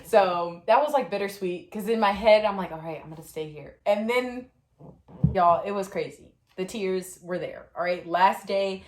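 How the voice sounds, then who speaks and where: A young woman in her twenties casually telling stories and giving tips about basic training, chatty and animated with lots of fillers. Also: mid-range voice, measured pace, slight background noise. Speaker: vlogger sharing Air Force basic training experience. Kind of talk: casual storytelling and tips to camera. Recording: echoey room.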